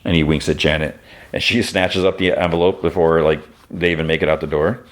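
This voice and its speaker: A man's voice: a bass voice, steady tone, brisk. A man hosting a podcast, casually retelling a show's episode in a rambling way, full of "like" and self-corrections. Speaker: podcast host.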